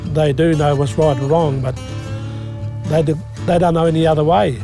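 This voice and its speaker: A man with a fairly high voice talks thoughtfully for a documentary. He fills his sentences with "you know" as music plays clearly behind. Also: fairly even intonation, moderate pace. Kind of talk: documentary interview.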